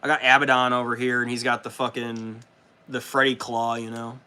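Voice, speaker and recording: A man hosting a casual livestream, loose and profane, excitable and chatting with his viewers as he works. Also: mid-range voice, normal speed, clean tone. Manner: loose, profane and excitable, reads chat aloud. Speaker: livestream host. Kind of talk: casual livestream chat while building models.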